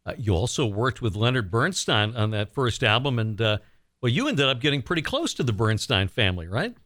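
A man's voice: medium pitch, very animated, a little fast, fairly bright tone, no echo, clean studio sound. A man hosting a radio interview, asking friendly questions of a guest. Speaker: radio host.

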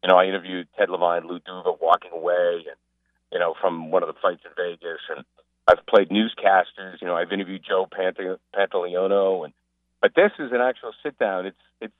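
A man chatting casually as a guest on a radio show, an animated storyteller who mimics the people he describes. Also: deep voice, fairly quick, dry recording. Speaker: sports broadcaster and guest. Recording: phone line.

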